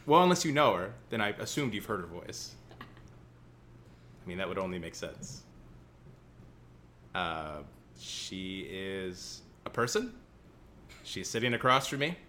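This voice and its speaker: A man with a light Central Illinois accent, rambling through a casual podcast chat in a self-mocking way. His voice is bright and low-pitched but swings widely, and there is faint ambient noise behind him. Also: sing-song, slow, long pauses. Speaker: podcast co-host. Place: indoor room, guest seated across.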